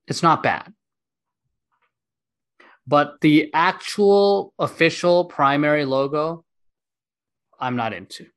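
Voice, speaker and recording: Podcast host, man, emphatic, opinionated, a bit higher voice. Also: takes it slowly, long pauses, a bit bright. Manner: opinionated, emphatic, repeats points. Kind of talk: casual chat.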